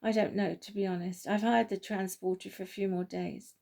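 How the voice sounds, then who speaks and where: A British woman voicing a worried middle-aged farmer in a storybook, speaking hesitantly and quietly. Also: medium pitch, fairly even intonation, brisk, creaky, lightly acted.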